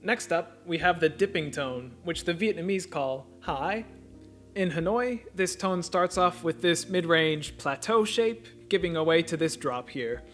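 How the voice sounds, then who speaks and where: Calm male narrator, slightly high voice, methodical lesson voice-over. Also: measured pace, hardly any pauses, faint music behind. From United States. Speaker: language teacher.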